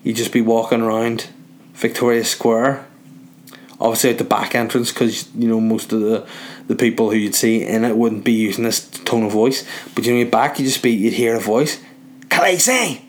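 A man's voice: on the low side, level tone, normal speed. A young man from Northern Ireland with a Northern Irish accent, rambling through a crude comic monologue while relaxing in bed. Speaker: vlogger.

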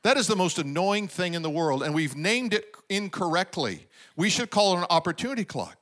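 Man, pastor, sermon, higher voice, acted-out quotes, crowd asides. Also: animated, fairly quick, a bit bright. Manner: preaching with call-and-response asides and acted-out quotes.

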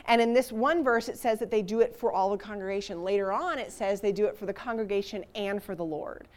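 A woman teaching a Bible passage to a church group in a conversational, animated way, with rhetorical questions. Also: mid-range voice, fast talker.

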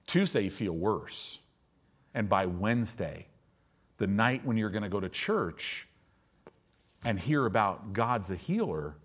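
A man's voice: lowish voice, sing-song, measured pace, pauses often, slightly rough. A male pastor preaching in a conversational way, asking his listeners questions and acting out people's reactions. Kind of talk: sermon.

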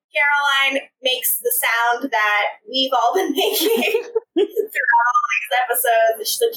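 A woman's voice: sits high, lively intonation, measured pace, sharp tone. A woman co-hosting a podcast, recapping episodes in casual chat, laughing often and acting out the characters' lines in exaggerated voices. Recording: roomy, slightly distant mic with faint background hum.

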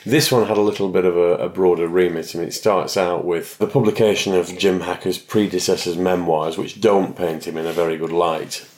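A man from England, host of a review podcast, talks in a chatty, reflective way. His voice is very deep and low. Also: fairly even intonation, brisk, few pauses, a little mellow. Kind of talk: casual review chat.

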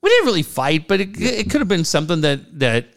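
A middle-aged man in a casual chat, telling stories with lots of swearing and loud quoted voices. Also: sits high, very animated, fairly quick, vocal fry. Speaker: storyteller in a chat.

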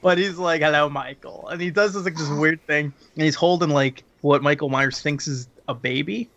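A man's voice: fairly high pitch, normal speed, fairly bright tone. Laughing, rambling man on a lo-fi recording. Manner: laughing, rambling, crude humor. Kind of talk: casual film chat.

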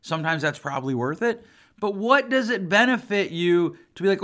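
A man's voice: high-pitched, animated, moderate pace, a bit bright. A man in his forties, a family therapist, talking in a casual, emphatic and blunt way. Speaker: family therapist and podcast host. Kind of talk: casual podcast talk.

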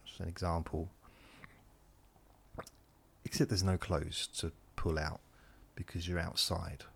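A man's voice: low-pitched, level tone, slow pace, gravelly, slightly rough. A man hosts a podcast, rambling through a monologue meant to lull listeners to sleep and interrupting himself as he drifts between points. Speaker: podcast host.

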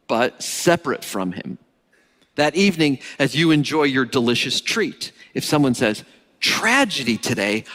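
A man preaching a sermon with emphatic repetition of key phrases, building to an insistent cadence as he reads a quotation. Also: mid-range voice. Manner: rising, insistent cadence when reading a quotation. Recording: long hall reverb.

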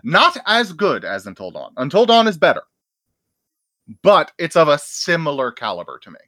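A man's voice: a little high, wildly swooping pitch, normal speed, sharp tone, dry recording, studio quality. A man chatting casually and enthusiastically, often laughing. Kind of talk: casual chat.

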